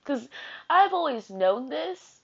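A young woman with a fairly high voice speaks in a loose, slangy monologue full of fillers and casual swearing. She sounds earnest and confiding. The recording is dull and lo-fi. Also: sing-song, slow, vocal fry, a bit bright.

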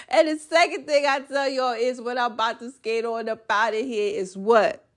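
A woman with a slightly high voice, chatting in a rambling, folksy way on her podcast. She sounds worn out, yet she keeps exhorting her listeners like a small sermon. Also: steady tone, normal speed, hardly any pauses. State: tired. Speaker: podcast host. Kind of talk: casual, preachy motivational chat.

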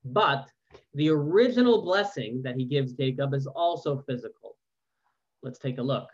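A mid-range man's voice with lively intonation leads an online Torah class via video call at normal speed. He reads verses aloud and then asks conversational questions, adding casual commentary. The recording is muffled.

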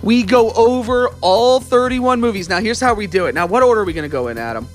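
A man's voice: high-pitched, animated, quick pace, soft background music. A man co-hosting a horror movie podcast in casual chat, rambling and swearing freely. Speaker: podcast co-host.

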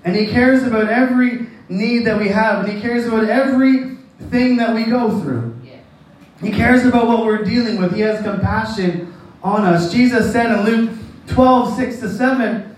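Folksy high-voiced man preaching in echoey hall. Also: normal speed. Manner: rambling, folksy, laughs at own jokes. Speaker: pastor. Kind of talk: sermon with a personal story. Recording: echoey hall, distant mic.

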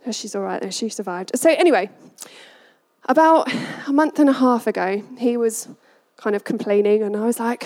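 A woman parent giving a personal storytelling talk, animated and laughing often as she acts out quotes. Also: on the high side, normal speed.

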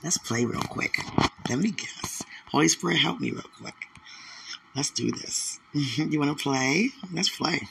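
Guy doing a live prophetic word, fry in his voice, gets worked up and loud at times. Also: measured pace, a little hiss or hum. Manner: emotional, repetitive, building to excited high exclamations. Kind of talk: live-stream prophetic encouragement.

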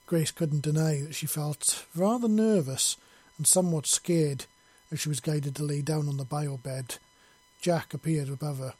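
A man narrating a story in a steady, plain reading voice. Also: a little high, normal speed, slightly rough, dry recording.

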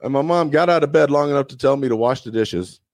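A man's voice: medium pitch, quick pace, a little mellow, no echo. Profane, storytelling young man, dry sound. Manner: profane, drawling anecdotes with acted-out quotes. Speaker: podcast co-host. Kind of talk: casual storytelling chat.

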